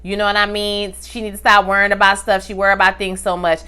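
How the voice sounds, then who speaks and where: A woman giving a casual comedic TV recap, animated and sassy, full of slang, acting out the characters' lines. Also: medium pitch, quick pace, clean tone. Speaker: TV recap reviewer.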